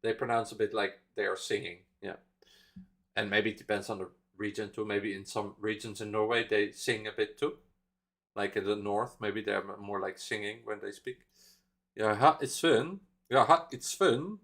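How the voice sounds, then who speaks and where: A Dutch-accented man hosts a live reaction stream in a loose, chatty way. His voice sits a little low, and he wanders through explanations, full of fillers and small laughs. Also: flat delivery, moderate pace, gravelly, fairly bright tone. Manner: rambling, many fillers, chuckles while explaining. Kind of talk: casual live reaction chat.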